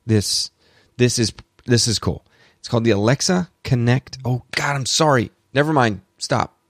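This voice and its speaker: Excitable man with a gravelly voice. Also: medium pitch, normal speed, no echo, studio quality. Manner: excitable, apologetic rambling with self-corrections. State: allergies, throat clearing. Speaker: podcast host. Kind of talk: solo tech podcast commentary.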